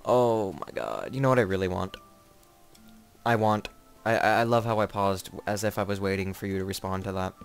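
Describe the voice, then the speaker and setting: A man's voice: lowish voice, fairly even intonation, normal speed, clean tone, soft background music. A young man casually commenting on his own gameplay, rambling and joking, easily startled. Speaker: gamer. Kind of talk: casual let's play commentary.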